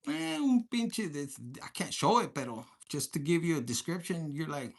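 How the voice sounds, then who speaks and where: A man's voice: a little high, expressive, moderate pace, gravelly, background noise. Crude, joking male tarot reader. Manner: crude, profane and joking, mixing in Spanish slang. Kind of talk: casual tarot reading vlog.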